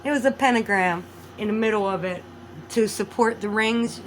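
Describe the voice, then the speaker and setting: A woman vlogging a rambling monologue, animated, swinging between loud outbursts and low mutters. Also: moderate pace, a little hiss or hum, rough recording.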